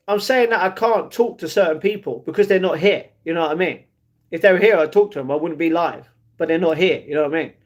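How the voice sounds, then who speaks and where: Chatty man streaming live. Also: a little high. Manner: chatty, says "you know what I mean" often. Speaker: livestreamer reading chat. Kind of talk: casual live-stream chat.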